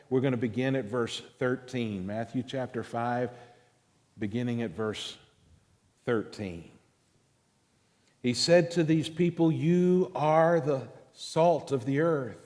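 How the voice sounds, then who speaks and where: A man, preaching a sermon as pastor, with slow, emphatic delivery, stressing single words and pausing between phrases. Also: medium pitch, a little mellow. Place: church sanctuary. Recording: long reverb of a large hall.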